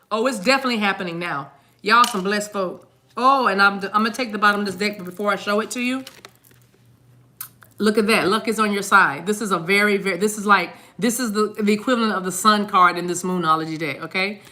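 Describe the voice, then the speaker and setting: Doing a chatty tarot reading, a woman with a brisk, sharp, mid-range voice rambles, repeats words, sings fragments of songs, and speaks directly to viewers. There's a slight hiss or hum.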